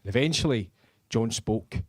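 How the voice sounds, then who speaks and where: Man, stand-up comedian, crude storytelling, lively pitch, dry close mic. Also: moderate pace, no echo. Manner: crude, self-mocking storytelling. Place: comedy club stage.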